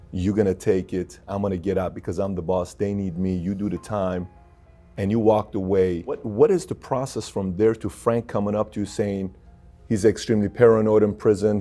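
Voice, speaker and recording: A man's voice: lowish voice, fairly even intonation, moderate pace, dark tone, soft background music. A man hosting an interview, asking long, probing questions.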